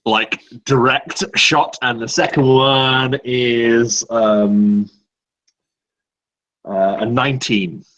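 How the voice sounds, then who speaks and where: A man at a tabletop game speaks very slowly in a bright, forward voice. He lays out his moves in an easygoing, unhurried way. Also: mid-range voice, steady tone, dull audio. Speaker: player. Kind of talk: casual tabletop play.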